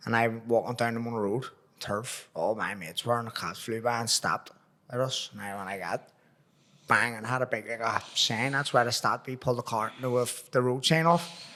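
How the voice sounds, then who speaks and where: A man's voice: medium pitch, moderate pace, pushed and bright. A man with a Belfast accent hosting a podcast, telling profane stories in casual chat and acting out the voices in them. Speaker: podcast host.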